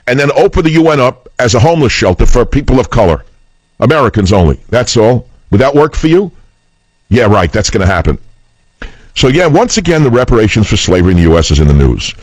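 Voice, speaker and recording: A man's voice: medium pitch, dry recording, poor audio. A man hosting political talk radio, speaking in a combative, scornful and emphatic way.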